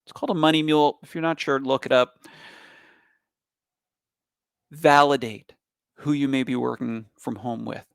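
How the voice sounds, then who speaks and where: A man giving a cybersecurity talk in an emphatic, animated manner, with bursts of loud stress. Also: medium pitch, fairly quick, vocal fry, clean tone, no echo, clean studio sound. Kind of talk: public presentation.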